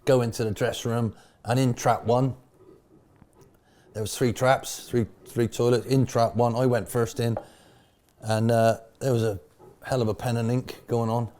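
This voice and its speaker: A middle-aged man tells football stories in a pub interview with colourful slang. His voice swoops up and down as he rattles through the tale, breaking into loud laughing bursts. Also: medium pitch, flat delivery, normal speed, a little hiss or hum. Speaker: interviewee, former football manager. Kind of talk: animated storytelling interview.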